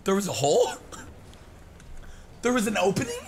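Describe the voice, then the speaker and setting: A young man giving excited live gameplay commentary, shouting and laughing as he plays and chats to viewers. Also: high voice, moderate pace. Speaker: gaming YouTuber.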